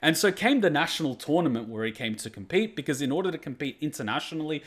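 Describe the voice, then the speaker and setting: A man, casually telling a story in an animated way, swearing freely and dropping lots of fillers. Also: fairly high pitch, fast talker. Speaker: reaction channel host.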